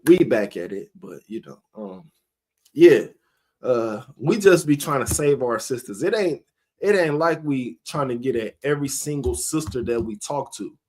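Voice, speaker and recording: A man's voice: medium pitch, animated, moderate pace, darkish tone. A man, a member of a religious group, giving a rambling, conversational preaching talk and laughing often.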